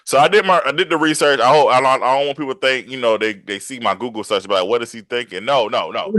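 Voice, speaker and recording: A man hosting a casual interview podcast, animated and laughing easily, often repeating his phrases. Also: medium pitch, fast talker, dry recording. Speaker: podcast host and writer.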